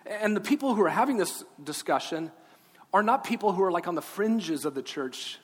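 A man preaching an Easter sermon as pastor, talking gently to children, then earnestly to the congregation. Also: high voice, lively intonation, moderate pace, slightly rough. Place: large church sanctuary. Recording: long hall reverb, faint room ambience.

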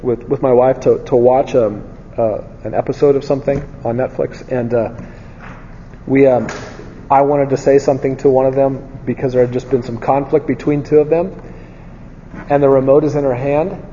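A man's voice: mid-range voice, fairly even intonation, normal speed, dark tone, slight background noise. A man preaching a conversational sermon, telling candid stories from his own life and asking his listeners rhetorical questions. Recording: dull lo-fi sound with long hall reverb.

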